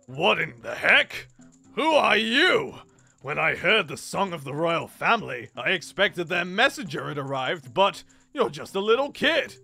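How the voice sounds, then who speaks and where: A man voicing Darunia, a gruff, hot-tempered Goron boss, bellowing indignantly while reading game dialogue aloud. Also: on the high side, sing-song, unhurried, bright, forceful tone, faint music behind, exaggerated voice. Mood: angry. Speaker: streamer.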